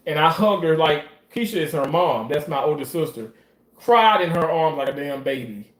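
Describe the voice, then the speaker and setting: A man talking in a casual monologue about his work in surgery, animated, profane and emotional as he tells stories. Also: fairly high pitch, normal speed. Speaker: surgical staff commentator. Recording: roomy echo.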